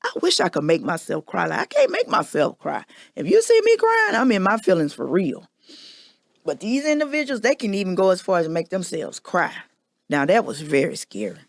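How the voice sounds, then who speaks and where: Gravelly-voiced woman confessing candidly. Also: on the low side, sing-song, normal speed, no room sound, studio quality. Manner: candid, emphatic storytelling. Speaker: podcast host. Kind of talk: personal confession monologue.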